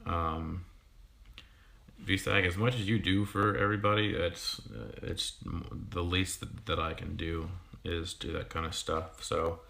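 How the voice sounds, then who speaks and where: A man in his thirties talks casually to viewers on a livestream, stopping and restarting often with lots of ums. His voice is very low and flat in pitch, with a bright, slightly edgy tone. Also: gravelly. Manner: halting, full of ums and restarts. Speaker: fishkeeping YouTuber and sixth-grade teacher.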